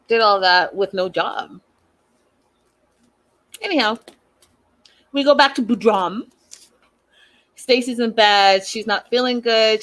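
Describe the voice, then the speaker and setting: A woman's voice: mid-range voice, a bit bright. A woman hosting a casual reality TV recap, chatty and opinionated, talking straight to her viewers. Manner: chatty, addresses viewers directly, lots of "like"; opinionated, thinks aloud. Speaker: host.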